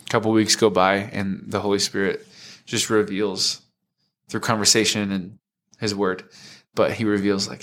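A young man in his twenties speaks earnestly and reflectively about his faith. His voice sits a little low, and he pauses often with halting fillers as he works through his story. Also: level tone, a bit bright. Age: 20s. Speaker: worship leader, podcast guest. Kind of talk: personal testimony in conversation.

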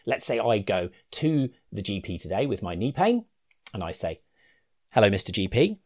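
Male clinician-educator, low and animated, conversational with asides. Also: normal speed. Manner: reasoned, conversational, with fillers and asides. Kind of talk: explanatory talk to clinicians.

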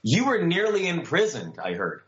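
A man's voice: fairly high pitch, huge pitch swings, normal speed, fairly bright tone, dull audio. A young man co-hosting a podcast in casual chat, teasing his partner and tripping over his words as he starts sentences. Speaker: podcast co-host.

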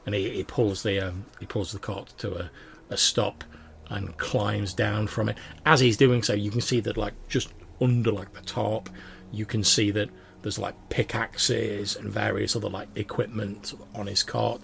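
A man's voice: on the low side, level tone, moderate pace, creaky, fairly bright tone, slight background noise. A man narrating as game master of a tabletop game, with loose, filler-heavy narration.

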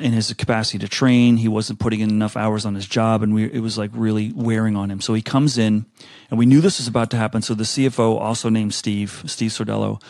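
A man chatting as a podcast guest, telling stories in an animated way with frequent restarts. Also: on the low side, vocal fry, dry recording, clean studio sound. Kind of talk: casual interview chat.

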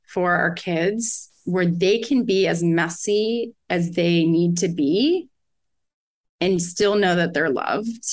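A woman in her forties, a mother talking earnestly in casual conversation, rambling with restarts and many fillers. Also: on the low side. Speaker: podcast guest, mother.

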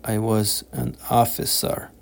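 A man reading the part of a despairing former officer who confesses past crimes in a hushed, slow, trembling voice. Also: lowish voice, flat delivery, vocal fry, heavily acted. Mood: anguished.

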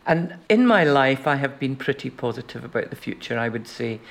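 A woman's voice: extremely low pitch, lively intonation, fairly quick. An older woman, a podcast guest, chatting casually and telling stories in a blunt, teasing way. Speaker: guest, festival venue director.

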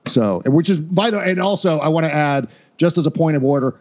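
A man's voice: a little high, a little fast, a little mellow, highs cut off. A man talking as a podcast guest in casual political chat, wry and rambling, often restarting and laughing.

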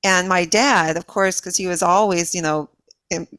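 An older woman speaking as an interview guest, reflective and halting, with many restarts and repeated words. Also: fairly low pitch, steady tone, a bit bright, no echo.

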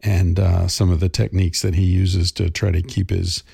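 A man's voice: low voice, flat delivery, normal speed, gravelly, dark tone, slightly rough, no echo, studio quality. A middle-aged man hosting a podcast, talking casually in a thoughtful, rambling way with many fillers and restarts. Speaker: podcast host. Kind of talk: casual monologue.

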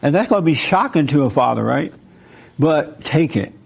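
Man, fairly high voice, informal sermon, lively storytelling. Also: normal speed, vocal fry, slightly rough. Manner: casual, acts out biblical figures in lively voices. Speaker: preacher teaching a group.

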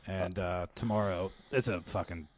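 Laid-back low-voiced comic guest. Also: male voice, moderate pace, a little hiss or hum. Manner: laid-back, heavy use of filler "like". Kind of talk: casual chat.

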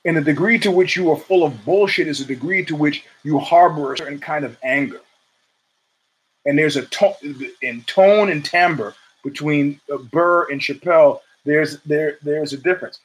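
A man hosting his own talk show in a loose, rambling monologue, with a voice pitched a little above the usual male range. He swears freely, trails off into asides, and pushes his voice higher when he acts out what other people said. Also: moderate pace, breathy edge, rough recording. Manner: rambling, profane, with asides and restarts; acts out quotes in a raised pitch. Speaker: podcast host. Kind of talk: casual monologue.

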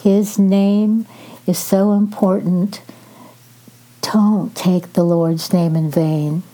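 An older woman reads scripture aloud with a very dark, mellow tone, slightly low in pitch. She moves slowly and gently, pausing between phrases as she reflects in a devotional style. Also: fairly even intonation. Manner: slow, gentle, measured reading with pauses. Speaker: podcast host reading scripture.

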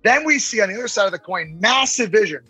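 A man with a bright, forceful and slightly husky voice talks in a lively interview. He moves fast, acting out quoted voices along the way. His voice sounds dry and close, with faint music behind it. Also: high-pitched, no echo, low-quality recording. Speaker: investor and podcast guest. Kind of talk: casual interview talk.

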